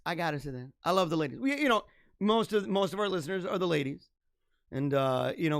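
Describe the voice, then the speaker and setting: A man hosting his own livestream show, signing off in an energetic, rambling, chatty way, his voice a little hoarse. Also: on the high side, no room sound, studio quality. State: slightly hoarse. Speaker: podcast host. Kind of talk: casual livestream sign-off.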